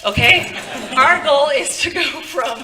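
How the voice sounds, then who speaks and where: A woman's voice: high voice, slow. A woman telling a funny true story on stage at a live show, laughing often and poking fun at herself. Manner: animated, laughs often, self-mocking. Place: large convention room with audience. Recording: echoey live room, distant mic.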